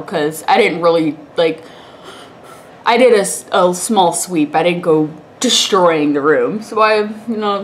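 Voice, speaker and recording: A woman's voice: lowish voice, unhurried, a little hiss or hum. A young woman vlogger with a congested, stuffy voice, telling a rambling story to the camera in a chatty way, laughing often.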